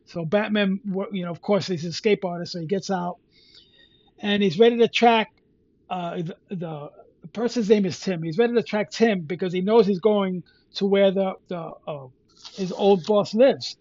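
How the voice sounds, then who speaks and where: A man co-hosting a podcast, retelling a comic story in a casual, halting way with many restarts. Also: high-pitched, a little mellow, no echo, lo-fi sound. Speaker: podcast co-host.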